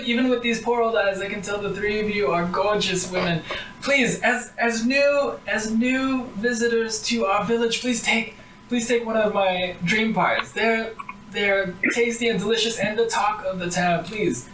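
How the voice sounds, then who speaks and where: A man's voice: normal speed, background noise, close to an everyday voice. Morgantha, a gushing sweet old granny, as a man puts her on. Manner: gushing, overly sweet, raised pitch. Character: cheery old village granny selling pies. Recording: roomy, far from the mic.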